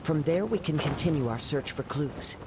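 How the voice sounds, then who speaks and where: An actor playing a calm, poetic young wandering swordsman in a video game, speaking in a composed, measured way. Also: on the high side, background noise.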